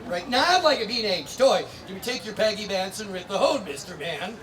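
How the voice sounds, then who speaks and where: A man's voice: high-pitched, expressive, normal speed. A man telling a comic fairy tale full of spoonerisms on an outdoor fair stage, bantering with the audience. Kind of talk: live comedic storytelling with spoonerisms. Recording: live outdoor show with crowd noise.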